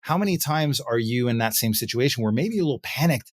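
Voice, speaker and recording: A man's voice: mid-range voice, fast, slightly rough, no room sound. Man telling a story on a dry podcast mic. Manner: relaxed, anecdotal, filler-heavy. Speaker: podcast host. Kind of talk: casual conversational storytelling.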